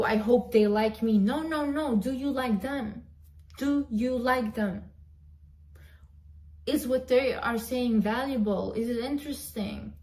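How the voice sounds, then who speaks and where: A woman's voice: a little high, a little mellow. A woman vlogger giving an emphatic, repetitive motivational pep talk straight to her viewers. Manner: emphatic, repetitive, direct address.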